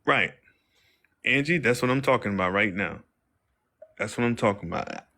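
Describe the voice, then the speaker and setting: A man's voice: on the low side, animated, normal speed, bright, forceful tone. Rambling, slangy man on a livestream. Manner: rambling, slangy, acts out quoted exchanges. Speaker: livestream host. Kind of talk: casual livestream monologue.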